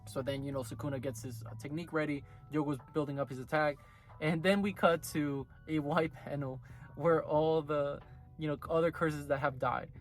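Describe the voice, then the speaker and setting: A man casually recapping and reviewing an anime episode, rambling with lots of filler words. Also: fairly high pitch. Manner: rambling, full of "like" and "you know" fillers.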